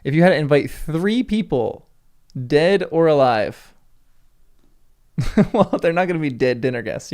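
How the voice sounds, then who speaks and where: A man with a gravelly, slightly creaky voice chats casually on a livestream. He answers comments from viewers in a loose, rambling way and laughs often. His pitch sits in the middle range for a man. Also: a little mellow. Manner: chatty, answers live chat comments with frequent laughs. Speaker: livestream host.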